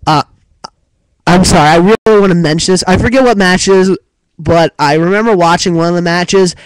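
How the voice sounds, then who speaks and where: A wrestling talk show co-host recaps things in casual chat, his delivery loose and rambling, packed with "like," "um," and the occasional curse. His voice is fairly high for a man, clear and resonant, and a little fast; the recording is rough but has no echo.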